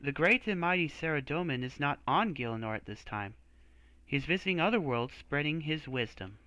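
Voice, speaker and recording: A man voicing a pompous male high priest who talks down to visitors while reading game dialogue aloud. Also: animated, a little fast, bright, forceful tone, dry recording. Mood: condescending. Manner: lofty, condescending.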